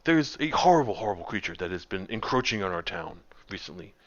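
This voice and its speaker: A man's voice: deep voice, very animated, fast talker, muffled recording. A man voicing a pompous, fussy older male town official who repeats himself dismissively in a tabletop game.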